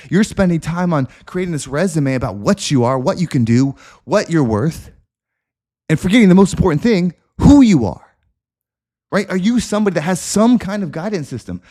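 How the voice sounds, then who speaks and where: Guy preaching self-belief on his podcast, intense and repetitive, kinda high but mellow voice. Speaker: podcast host. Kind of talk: motivational monologue.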